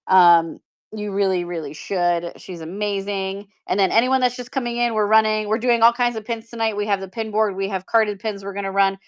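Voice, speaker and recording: A woman's voice: medium pitch, fairly even intonation, a little fast, clear, resonant tone. A woman hosting a live-stream pin auction, chatting casually and upbeat with viewers and laughing often. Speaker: live shopping seller.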